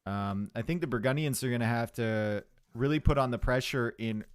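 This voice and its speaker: A man's voice: medium pitch, moderate pace, smooth, no room sound. A man giving casual live commentary on a strategy game, chatty and joking with his viewers from a home streaming setup. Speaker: esports caster.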